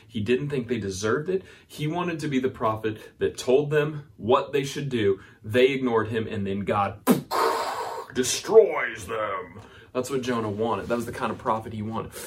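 A man, a pastor, preaching a sermon to viewers at home: he reads scripture, adds casual asides and ends in prayer, talking conversationally with frequent restarts. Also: medium pitch. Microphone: speaking to a camera for viewers at home.

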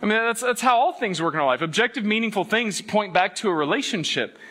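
A middle-aged man preaching a sermon, animated and playful, acting out quotes and jokes between readings. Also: high-pitched, fast. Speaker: pastor.

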